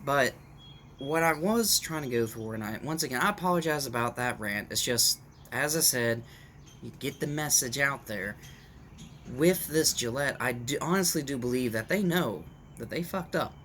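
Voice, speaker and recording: A man's voice: mid-range voice, expressive, moderate pace, a bit bright, slight background noise. A man talking casually to his viewers in a rambling opinion rant, with restarts and asides, recorded at home on a camera mic. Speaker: vlogger. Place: at home in the morning, dog nearby.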